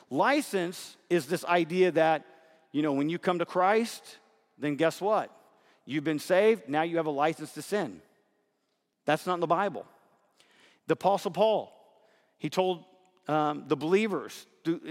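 A man preaching a sermon, emphatic and often checking in with "right?", stretching out key words for stress. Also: high voice. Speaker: pastor. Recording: long hall reverb.

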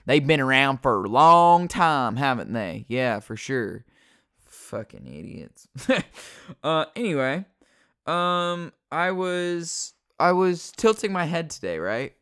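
Man with a somewhat high, clean voice; unscripted sarcastic rant with plenty of swearing. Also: expressive, unhurried, pushed and bright, clear, resonant tone. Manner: rambling, profane and sarcastic, trailing off into fillers.

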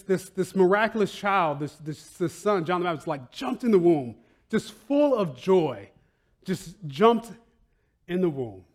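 A man pastor preaching a sermon in a conversational, animated way, laughing often and tossing in "right?" and "like". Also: high-pitched. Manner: animated, bursts into loud excited outcries, laughs often.

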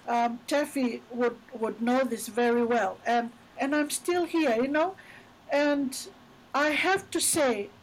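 Chatty middle-aged woman, podcast guest, high-ish voice, casual faith talk. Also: poor audio. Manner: chatty storyteller, many "you know" fillers.

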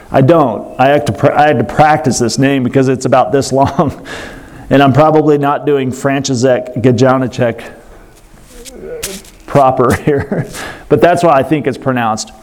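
A man's voice: on the high side, darkish tone. A man preaching a sermon, telling a story earnestly and breaking off for casual asides to the congregation.

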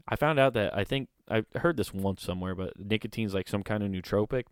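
A young man talks in a loose, rambling, joking vlog style. His voice sits low and smooth, recorded close and dry. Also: a little fast, few pauses, no echo. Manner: rambling, jokey, riffs into bits. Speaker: vlogger. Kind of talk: casual comedic commentary.

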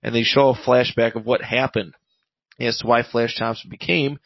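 A man's voice: medium pitch, fairly even intonation, normal speed, vocal fry, no room sound, dull audio. A man co-hosting a podcast, casually recapping a comic book in a rambling way full of fillers. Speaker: podcast co-host reviewing comics.

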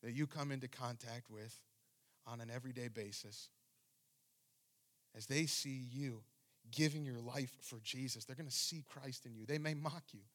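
A man's voice: medium pitch, moderate pace, fairly bright tone. A man preaching a sermon as pastor, reading scripture and speaking with fervent emphasis.

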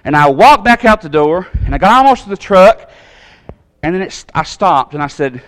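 A man tells a personal story from the pulpit. His voice sits a little high, and he acts out each voice, swinging between loud outbursts and quiet asides. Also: lively intonation, moderate pace. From Tennessee. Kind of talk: storytelling sermon.

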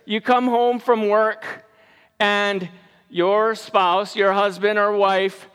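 A man preaching in a loose, chatty way, often restarting and repeating phrases. His voice sits very high and he talks slowly. A long reverb from the church hall trails each phrase. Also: fairly bright tone, clean tone. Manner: conversational, repeats words, leads congregation in recitation. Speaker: pastor. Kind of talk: casual sermon.

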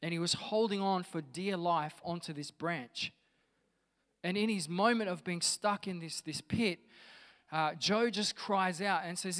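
Pastor guy preaching, fairly high voice, chatty and upbeat, echoey church hall. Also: unhurried, fairly bright tone. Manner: conversational, enthusiastic storytelling. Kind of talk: sermon.

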